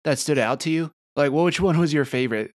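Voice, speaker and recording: A man's voice: a little high, fast talker, no echo, clean studio sound. A man hosting a casual podcast, steering the conversation between topics and laughing along with his co-hosts. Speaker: podcast host. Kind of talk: casual chat.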